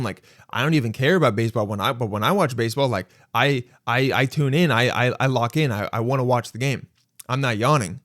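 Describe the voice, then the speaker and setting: A man from Los Angeles hosts his own podcast and tells a story in a relaxed monologue. He acts out what other people said, jumping sharply higher for those lines. The recording is dry and close. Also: fairly quick, dry recording. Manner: animated, acts out quotes with sudden high jumps. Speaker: podcast host.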